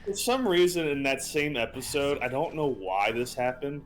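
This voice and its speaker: A young man co-hosting a live gaming stream, chatting in a lively way and laughing easily. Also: medium pitch, moderate pace, faint music behind, poor audio. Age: young adult. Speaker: livestream co-host. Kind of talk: casual chat on a gaming stream.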